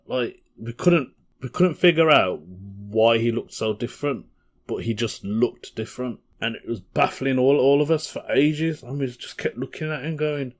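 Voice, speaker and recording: A man's voice: mid-range voice, moderate pace. A young man hosting a casual comedy podcast, rambling through stories and chuckling as he goes.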